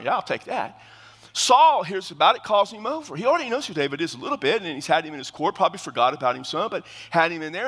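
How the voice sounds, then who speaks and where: A man in his fifties preaching a sermon as pastor, in a lively, joking, conversational way. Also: high-pitched, in a large hall. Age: 50s.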